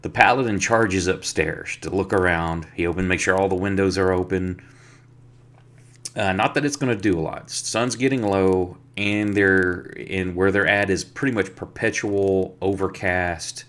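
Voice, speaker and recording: A man's voice: sits low, steady tone, moderate pace, a bit bright. A man, the dungeon master, casually recapping a tabletop game session in a rambling storytelling way. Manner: rambling storytelling that acts out the players' lines.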